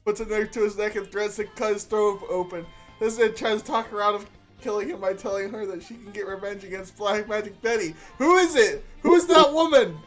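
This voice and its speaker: A man's voice: sits high, level tone, fairly quick, faint music behind. A man streaming live, reading an AI-made story aloud and laughing often as he goes.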